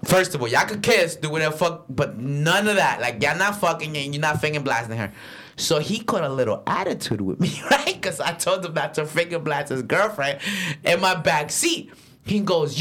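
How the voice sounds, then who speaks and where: A young man telling a story in a casual, profane chat, swinging into loud acted-out quotes. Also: on the high side, lively intonation, moderate pace. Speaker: podcast co-host and rideshare driver.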